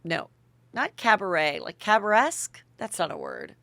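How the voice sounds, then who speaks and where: A woman's voice: medium pitch, wildly swooping pitch, moderate pace, vocal fry, fairly bright tone, no echo. A woman hosting a podcast, chatting gossip with sarcastic asides. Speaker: podcast host. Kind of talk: gossip commentary.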